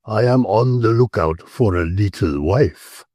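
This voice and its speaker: A man voicing a huge, bold old Dutchman who speaks slowly, with a strong guttural accent. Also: lowish voice, mellow, dry recording, studio quality. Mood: leering. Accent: strong guttural foreign accent.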